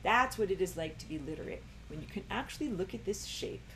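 A woman's voice: mid-range voice, expressive, a little fast, fairly bright tone, a little hiss or hum. A woman teaching a recorded online lecture, rambling with many fillers and jumping into a raised voice when she acts out quoted thoughts. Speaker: spiritual teacher.

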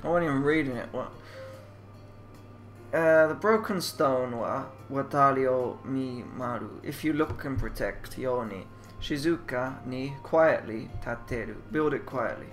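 A young man narrates a game playthrough, translating its Japanese text as he goes. He thinks aloud, trails off and doubts his own guesses, at a middling pitch, with game music playing softly behind him. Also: a little slow. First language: English. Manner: muses aloud, trailing off and second-guessing himself. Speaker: let's player.

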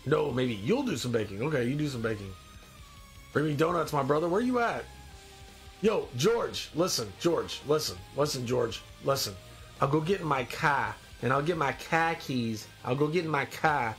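A man's voice: medium pitch, animated, moderate pace, a bit bright, soft background music. A man with a stuffy nose hosting a casual live stream, joking and rambling as he reads out viewer comments. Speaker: live-stream host in demon costume.

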